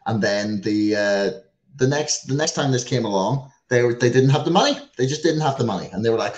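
A man's voice: mid-range voice, brisk. A man chatting on a casual show, leaning hard into his points with emphatic, profane storytelling. His voice sits in a medium range and carries a noticeable room echo. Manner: animated, swearing, emphatic storytelling. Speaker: podcast co-host. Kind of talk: casual chat. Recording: roomy echo.

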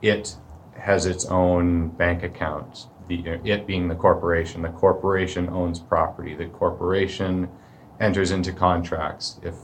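Canadian lawyer guy, really low voice, plain-spoken, faint hiss behind. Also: level tone, unhurried. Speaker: corporate lawyer. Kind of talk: explanatory podcast conversation.

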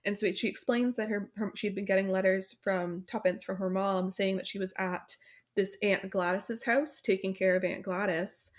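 A woman's voice: mid-range voice, fairly even intonation, normal speed. A woman casually recapping a mystery novel's plot, with many fillers and short acted-out quotes. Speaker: book club podcast host summarizing the plot.

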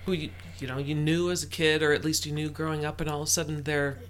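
Adult guest, animated storyteller, acts out quotes, swears freely. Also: medium pitch, quick pace, a little hiss or hum. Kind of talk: casual chat, telling a personal story.

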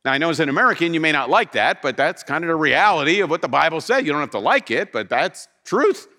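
A man preaching a sermon to a congregation, animated and emphatic, acting out the scripture he quotes. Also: a little high, quick pace. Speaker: pastor. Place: church with slides.

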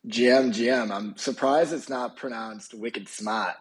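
A man's voice: medium pitch, a little slow, husky. A man appearing as a guest on a casual podcast, laid-back and amused.

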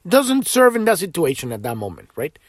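A man's voice: high-pitched, wildly swooping pitch, brisk, dry recording, clean studio sound. A man hosting a casual spiritual podcast, rambling with many restarts, tagging sentences with "right?" and swearing freely. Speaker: podcast host.

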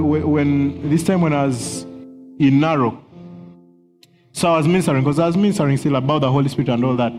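Mellow-voiced preacher in a reverberant hall. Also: male voice, a little high. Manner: earnest, chuckles often, repeats words when searching. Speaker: preacher teaching on prophecy. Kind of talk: sermon-style teaching talk. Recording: long hall reverb with faint music.

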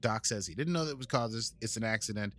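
Talking fast in a fairly low, fairly bright voice, an American man casually runs through an episode recap for his podcast. He rambles playfully and adds sound effects.

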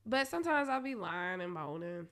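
A woman's voice: lowish voice, lively intonation, moderate pace, a bit bright, smooth. A slightly tipsy woman telling blunt, profane stories at home, laughing often. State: a little tipsy. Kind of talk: casual confessional storytelling. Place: alone at home.

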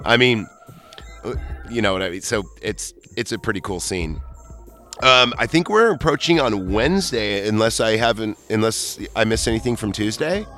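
A man co-hosting a casual movie podcast, rambling and swearing as he acts out scenes in quick voices. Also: fairly low pitch, animated, pushed and bright, faint music behind. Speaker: podcast co-host.

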